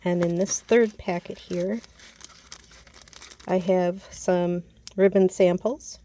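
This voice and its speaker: Speaking slowly in a lowish, dark, steady voice, a crafter shows off her handmade mini album in a casual, chatty way. She frequently stumbles over words and fixes them, with a little hiss or hum in the background.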